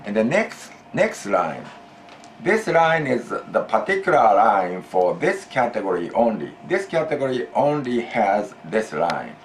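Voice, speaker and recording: A Japanese man with a Japanese accent teaching a language lesson, deliberate and repeating key phrases while stretching out example phrases. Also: fairly low pitch, very animated, a little hiss or hum.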